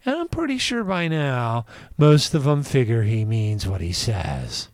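A man hosting a podcast, giving casual news commentary in an animated, digressive way and laughing often. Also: medium pitch, unhurried, no echo. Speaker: podcast host.

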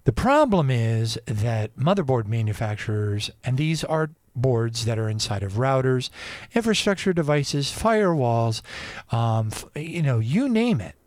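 A man's voice: mid-range voice, big pitch swings, a little slow, a little mellow, dry recording. A man hosting a radio show, talking in a rambling, digressive casual monologue.

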